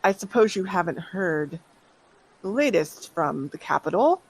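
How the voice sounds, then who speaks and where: The game master of a tabletop role-play voicing an earnest, gentle male doctor who speaks in a measured way and grows heated over injustice. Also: medium pitch, sing-song, husky, heavily acted, rough recording. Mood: polite.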